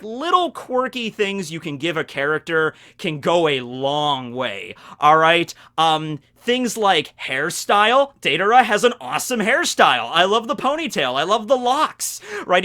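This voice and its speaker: Bright-voiced animated young man. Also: sits high. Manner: animated, rambling, self-mocking with quick laughs. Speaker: anime discussion youtuber. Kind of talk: casual video commentary.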